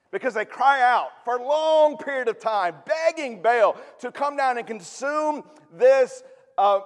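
A man's voice: sits high, in a large hall. A man preaching a sermon in a conversational way, with humorous asides. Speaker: pastor.

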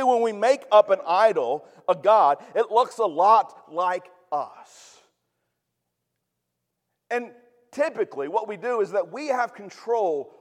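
A man's voice: high voice, in a large hall. A man preaching a sermon in a conversational way, with humorous asides. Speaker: pastor.

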